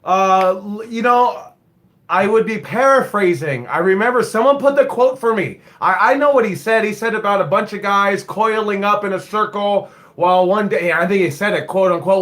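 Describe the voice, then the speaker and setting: A man in his forties with a high, slightly bright voice talks at normal speed. As head coach and owner of a wrestling school, he rambles bluntly on a casual live stream, cursing freely as he tells stories.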